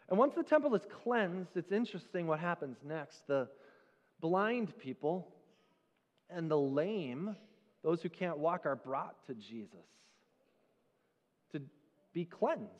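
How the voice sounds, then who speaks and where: A man preaching a sermon as pastor in a church, with a conversational, animated storytelling manner. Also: high-pitched, big-room sound. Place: church sanctuary.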